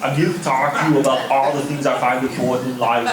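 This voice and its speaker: A man doing an impression of a gruff, solemn male movie star, played back in a hall. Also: mid-range voice, little pitch movement, quick pace, noisy background, pitched below the performer's own voice, lightly acted. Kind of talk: celebrity impression.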